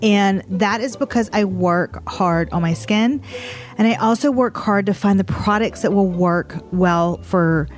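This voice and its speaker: A woman in her forties talks in a relaxed, chatty way on a podcast, her voice sitting at an ordinary pitch. Faint music plays underneath her. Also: unhurried. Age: 40s. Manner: relaxed, chatty, spells out web addresses in the ad read. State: pregnant. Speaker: esthetician and podcast co-host. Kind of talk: casual podcast chat with ad read.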